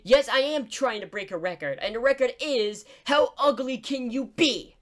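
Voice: mid-range voice, normal speed, natural voice. A gameplay YouTuber doing a cranky cartoon duck voice, squawking insults and picking fights. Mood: bickering. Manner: squawky, bickering, trash-talking. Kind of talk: in-character game commentary.

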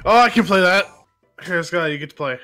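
Young-sounding male gaming host, bright, teasing friends over game music. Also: sits high, fairly quick. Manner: excitable, teasing, laughs often. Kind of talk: casual gameplay chat with friends.

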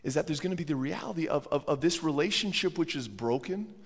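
Male pastor, sermon, has a cold, gravelly voice, earnest, repeats words, long church reverb. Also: fairly high pitch, lively intonation, quick pace. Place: church sanctuary.

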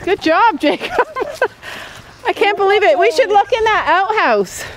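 Older woman, family vlog host, high-pitched and chatty, laughs a lot, noisy handheld camera audio. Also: animated, unhurried. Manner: chatty, laughs often, coaxes children gently. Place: family farm, indoors and by the chicken coop.

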